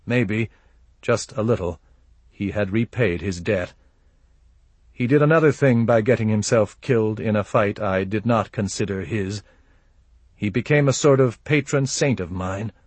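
A man reading a first-person audiobook in a measured, grave manner. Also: on the low side, slightly rough, dry recording. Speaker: audiobook narrator.

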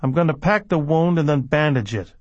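A man's voice: fairly high pitch, lively intonation, fairly quick, no echo, lo-fi sound, pitched above the performer's own voice, lightly acted. A man voicing a cool, unsentimental former doctor who talks in a precise, clinical way.

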